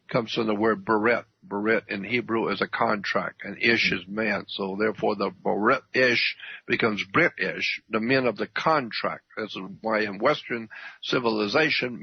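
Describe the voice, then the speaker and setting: Husky, emphatic man on talk radio. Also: lowish voice, dry recording. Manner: emphatic, repeats points, clears throat often. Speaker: radio guest. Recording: dull dry radio audio.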